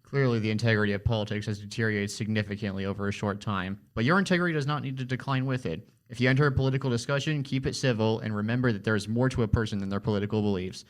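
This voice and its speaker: A man's voice: lowish voice, very fast, few pauses. A teenage boy giving scripted, sarcastic and incredulous commentary for a school project podcast. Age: teens. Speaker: student co-presenter.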